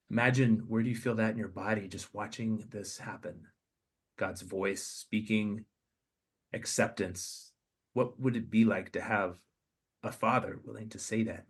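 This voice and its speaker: A man hosting a podcast, leading listeners through a slow guided meditation with soft, hesitant restarts. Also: lowish voice, steady tone, slightly rough. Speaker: podcast host.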